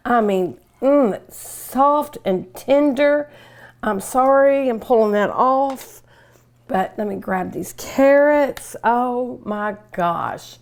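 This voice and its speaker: A woman's voice: on the high side, a little mellow. An older woman hosting a cooking show, chatting and gushing enthusiastically while she eats. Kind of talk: casual cooking show talk.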